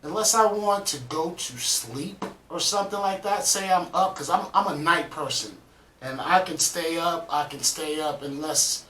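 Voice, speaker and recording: A man's voice: fairly high pitch, normal speed, fairly bright tone, distant mic, slight background noise. Laid-back man in an echoey room. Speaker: reaction video host. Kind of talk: casual chat.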